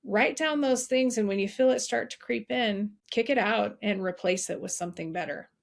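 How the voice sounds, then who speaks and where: Speaking at a moderate pace in a gravelly, medium-pitched voice, this guest is a middle-aged suicide prevention advocate. She tells personal stories with sincerity and repeats her encouraging advice in a warm, conversational way.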